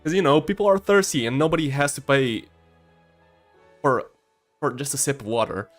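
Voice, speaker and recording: A shy streamer in his early twenties casually tells a story in a mid-range voice at a moderate pace, with soft music playing in the background. He tends to stammer, yet his delivery swings along in a lively way.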